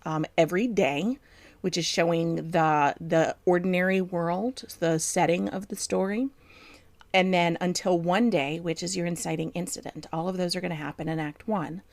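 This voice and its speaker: A woman's voice: lowish voice, steady tone, moderate pace, darkish tone, no echo. A woman co-hosting a chat show, explaining writing craft in a thoughtful way with frequent ums. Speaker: podcast co-host, book editor.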